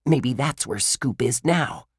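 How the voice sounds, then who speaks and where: A man's voice: mid-range voice, animated, slow pace, slightly rough, no room sound, studio quality, pitched above the performer's own voice, full character voice. A man voicing a bold, spirited young girl detective who talks hopefully.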